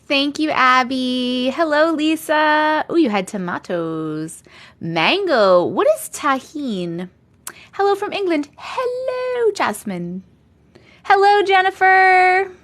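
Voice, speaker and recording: Chatty woman with a lively, high voice. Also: takes it slowly. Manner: chatty, greets viewers by name, giggly. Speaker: host reading viewer comments on a livestream. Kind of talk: casual livestream chat.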